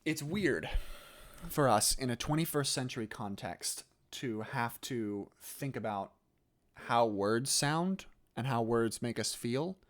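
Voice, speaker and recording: A man's voice: mid-range voice, expressive, slow. A man teaching an acting class in a recorded lesson, explaining patiently step by step over a screen recording. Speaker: theatre teacher.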